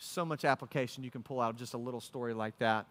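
Animated preacher man with a bright voice. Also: mid-range voice, quick pace, long reverb tail. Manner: animated, casual slang, dramatic storytelling. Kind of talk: sermon.

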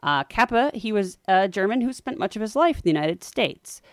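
A woman co-hosting a podcast, telling a history story in a chatty way with wry, animated asides. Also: mid-range voice, normal speed, no room sound, studio quality. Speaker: podcast co-host.

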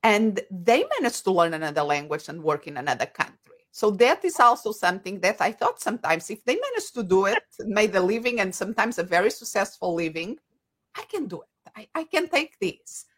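A woman, an English speaker, talking as an interview guest and often pausing to search for words. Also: mid-range voice, big pitch swings. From Portugal. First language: Portuguese. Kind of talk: conversational interview.

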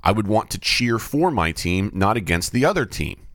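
A middle-aged man, host of a podcast and a baseball umpire, reflects alone on the mic in a lowish, slightly bright, sing-song voice at a moderate pace. He wonders aloud, asks himself questions and frequently starts over. The dry studio recording has no room sound.

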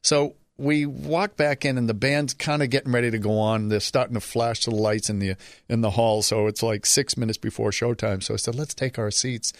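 A man telling a long personal story in an interview, lively and acting out other people's voices, turning quieter at the sad parts. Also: mid-range voice, normal speed, dry recording, studio quality. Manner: animated, acts out the voices of people he quotes. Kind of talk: conversational storytelling.

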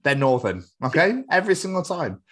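A man co-hosting a podcast in loose, joking chat, swearing freely and laughing along. His pitch moves around a lot. His voice has a slightly husky edge. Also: brisk. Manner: jokey, sweary, animated. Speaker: podcast co-host.

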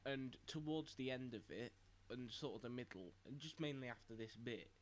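A young man co-hosts a podcast in a laid-back, halting way, often just agreeing. His pitch sits mid-range for a man. A faint hiss of background noise runs underneath. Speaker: podcast co-host. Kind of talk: casual chat.

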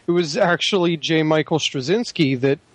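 A man's voice: on the high side, moderate pace, no echo. A man in casual chat, agreeable and hesitant with fillers. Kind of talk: casual chat about TV shows.

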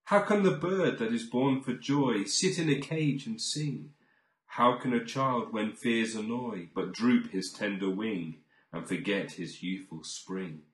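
A man recites verse at an unhurried, deliberate pace. His voice sits on the low side and swings between bold, lifted lines and soft, hushed endings. The room around him rings with echo. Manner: expressive, swelling on key lines and falling to near-whispers. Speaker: poetry reader. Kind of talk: slow dramatic poetry recitation.

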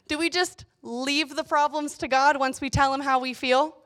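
A young woman giving a casual devotional talk, chatty and animated, telling stories with playful asides. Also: high-pitched, moderate pace, few pauses. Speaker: youth speaker.

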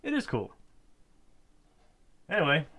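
A man's voice: wildly swooping pitch, bright, forceful tone, breathy edge. Male podcast co-host, casual and joking, breaks into goofy impressions while retelling scenes. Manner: acts out characters in quick squeaky put-on voices while retelling. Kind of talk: casual chat recapping a sitcom episode.

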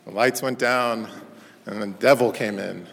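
A man's voice: on the low side, a little slow, vocal fry, in a large hall, slight background noise. A man, a parish priest, giving a sermon in a conversational storytelling manner. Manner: storytelling, conversational, animated in anecdotes. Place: church.

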